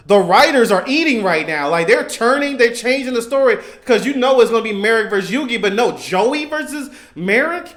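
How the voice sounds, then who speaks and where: A young man with a high, light voice tells a rambling, excitable story about a cartoon scene. He keeps jumping in to act out what the characters said, and he circles back over his own points. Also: moderate pace. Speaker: YouTuber reacting to anime. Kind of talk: casual animated storytelling.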